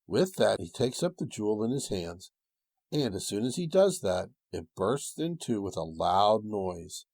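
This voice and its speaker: A man reading a storybook tale aloud with a gentle, old-fashioned storytelling cadence and a husky voice. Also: lowish voice, sing-song, unhurried, no echo. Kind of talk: storybook narration.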